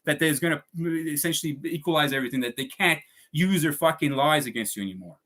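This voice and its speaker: A man's voice: fairly high pitch, fast talker, fairly bright tone. A man ranting to his viewers in a heated monologue, swearing often and repeating himself. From Canada. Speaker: vlogger.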